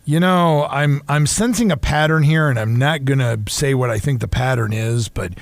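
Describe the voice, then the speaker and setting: A man's voice: mid-range voice, normal speed, vocal fry, dry recording. A middle-aged man from Michigan, co-hosting a talk show, chatting in a reminiscing, wry way. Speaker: co-host. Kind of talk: casual chat.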